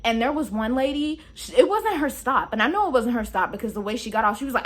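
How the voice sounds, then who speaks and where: A young woman tells a storytime vlog with animated, exclamatory, slangy delivery. Her pitch sits a little high and leaps all over. Her voice is a touch husky. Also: fast talker, few pauses. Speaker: vlogger.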